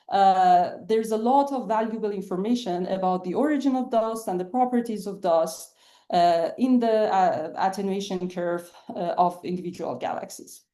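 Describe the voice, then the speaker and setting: A woman's voice: mid-range voice, dark tone. A woman researcher giving a scientific lecture over a video call, explaining steadily with frequent "uh" fillers. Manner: many "uh" fillers, measured explanatory pace. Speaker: astronomy researcher giving a webinar talk.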